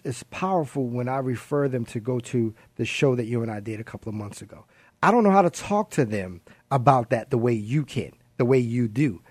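A man's voice: medium pitch, darkish tone, no echo. A man hosting a radio interview, enthusiastic and chatty, asking long run-on questions. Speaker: radio show host.

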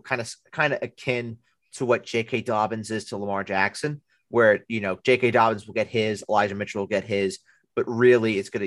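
On the low side with a fairly bright tone, this man co-hosts a podcast and talks sports casually. His delivery rambles with frequent restarts and fillers, recorded with no room sound.

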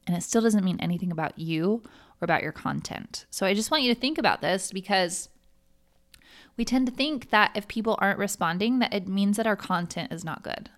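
A woman hosting a podcast, giving chatty, encouraging motivational coaching with lots of "like". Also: medium pitch. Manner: upbeat, encouraging, chatty with frequent "like". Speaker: podcast host.

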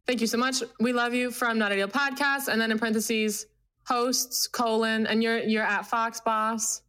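A woman co-hosting a podcast in casual chat, giggly and excitable, reading a message aloud and laughing herself breathless. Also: on the high side, moderate pace, clear, resonant tone. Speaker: podcast co-host.

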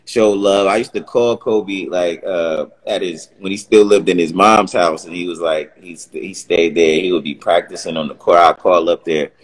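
Male guest, low-ish voice, relaxed slangy storyteller. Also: moderate pace, few pauses, poor audio. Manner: laid-back, slangy, animated retelling of stories. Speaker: guest, former sitcom actor. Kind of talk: casual storytelling.

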